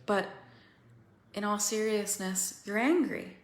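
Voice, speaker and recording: A woman coaching other women through a feeling practice, slow and pausing, candid and swearing now and then. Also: medium pitch, reverberant. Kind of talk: guided emotional coaching talk.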